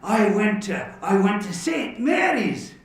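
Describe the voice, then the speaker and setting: A man voicing a second drinker at a bar who answers in loud, emphatic bursts. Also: sits high, sing-song, slow, exaggerated voice. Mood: agreeable. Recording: echoey room from far off.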